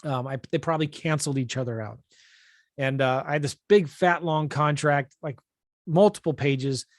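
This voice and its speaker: Middle aged guy, kinda high voice, rambling story about his first deal, lots of ums and restarts, dry close mic. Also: normal speed, no echo. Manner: rambling, self-deprecating, many fillers and restarts. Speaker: real estate investing coach. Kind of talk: casual storytelling.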